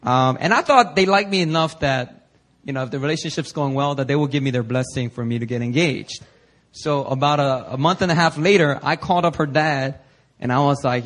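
A young adult man preaching, telling a personal story with lively energy and acting out the people he quotes. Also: fairly high pitch, moderate pace. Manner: animated storyteller, acts out quoted voices. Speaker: pastor.

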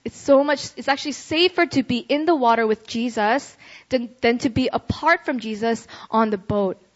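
A woman's voice: on the high side, normal speed. Chatty young woman preaching, lo-fi. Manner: chatty, ends phrases with "right?". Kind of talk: casual youth sermon. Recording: dull lo-fi recording.

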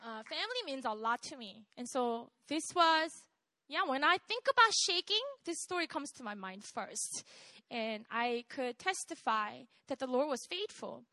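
A woman's voice: high voice, very animated, normal speed, pushed and bright, no room sound. A young woman preaching a sermon in an earnest, exhorting way, often checking in with her listeners. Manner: earnest and exhorting, with frequent "right?" asides.

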